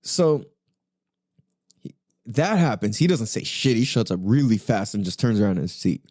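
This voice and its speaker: A man's voice: on the low side, sing-song, normal speed, a little mellow, no room sound, studio quality. A young man hosting a podcast, telling a story in casual, profane slang full of fillers. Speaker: podcast host.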